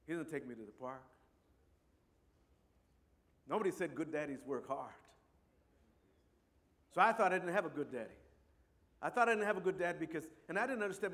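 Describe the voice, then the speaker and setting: A man from Compton with a Chicano English accent, telling a personal story in a rambling way with many asides. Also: sits high. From Compton, California. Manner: warm, rambling, many asides like "you know" and "right". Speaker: speaker.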